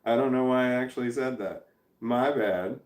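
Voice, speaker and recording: A man's voice: medium pitch, moderate pace. A man in his forties hosting a casual livestream and reading viewer comments, rambling, swearing and interrupting himself. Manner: rambling, profane, self-interrupting. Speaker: livestream host. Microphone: camera in front. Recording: roomy echo.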